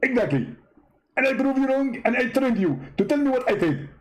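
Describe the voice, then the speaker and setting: A man's voice: animated, fairly quick, rough recording. A man voicing a mocking impression of a boastful, smug male preacher. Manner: pompous, gloating, high-pitched.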